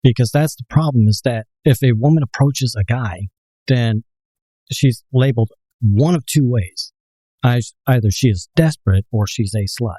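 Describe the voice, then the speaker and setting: A man co-hosting a dating advice show as a dating coach, explaining things calmly and telling personal stories. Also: medium pitch, moderate pace, no room sound, poor audio. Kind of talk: casual chat.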